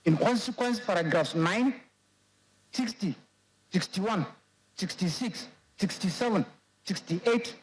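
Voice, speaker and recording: A man with a Nigerian English accent, serving as a judge and reading a court judgment aloud in a measured, formal way. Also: high voice, expressive, poor audio.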